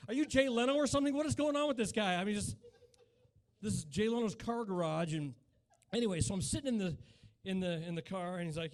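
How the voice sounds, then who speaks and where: Brief: forties stand-up comic, high-pitched, chatty and mock-incredulous, works the room on a handheld mic. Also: male voice, animated, fast, a little mellow. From Utah. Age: 40s. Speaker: stand-up comedian. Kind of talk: live stand-up comedy. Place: small cafe stage with a live audience.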